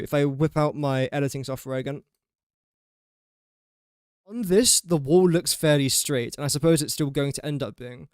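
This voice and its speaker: Young lad, gaming streamer, chatty running commentary, bit higher voice, dry close mic. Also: male voice, no room sound. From England. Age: young adult. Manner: chatty, talks himself through each build step. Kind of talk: casual live gameplay commentary.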